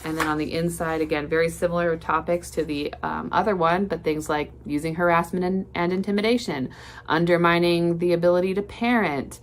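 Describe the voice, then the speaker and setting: A woman counselor hosting a podcast, explaining things in a calm, conversational way with frequent "um" and "you know.". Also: on the low side, a little fast, a little hiss or hum. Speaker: licensed counselor and podcast host. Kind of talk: informal educational podcast talk.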